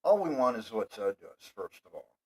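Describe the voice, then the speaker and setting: A man hosting his own show, delivering a profane, rambling monologue that swears constantly and flares into heated yelling. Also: on the low side, sing-song, a little fast, husky, poor audio.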